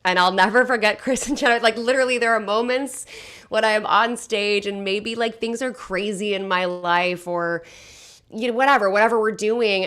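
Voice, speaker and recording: Bright-voiced chatty woman storyteller. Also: mid-range voice, normal speed. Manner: chatty, animated, filler-heavy. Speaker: variety show cast member. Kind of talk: casual storytelling chat.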